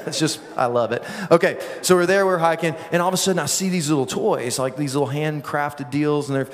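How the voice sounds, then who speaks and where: A man preaching a sermon, mixing prayer with funny, self-deprecating stories and quick asides to the congregation. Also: on the high side, in a large hall. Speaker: pastor. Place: large church auditorium.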